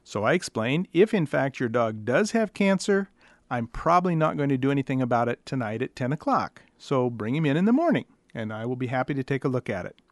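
Telling dry, wry stories about what his callers ask him, this middle-aged vet speaks in a mid-range voice with big swings in pitch and a slightly fast pace. The monologue is recorded with no echo.

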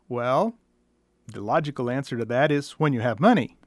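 A man's voice: medium pitch, lively intonation, moderate pace, no echo. A middle-aged man, a veterinarian, telling dry, wry stories about the questions his callers ask. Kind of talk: storytelling monologue.

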